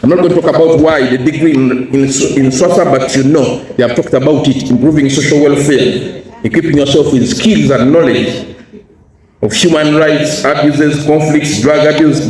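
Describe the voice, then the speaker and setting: A man's voice: on the high side, moderate pace, a little mellow. A man giving a motivational talk to students, emphatic, asking the audience questions and repeating key phrases. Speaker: guest speaker; educationalist. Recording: echoey hall, speaker far from mic.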